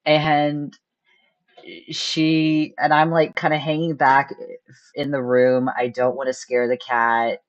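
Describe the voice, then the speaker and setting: A young woman hosting a charity stream, telling a story in casual chat, animated and laughing often as she acts out her own thoughts. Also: sits low, slow pace, dull audio.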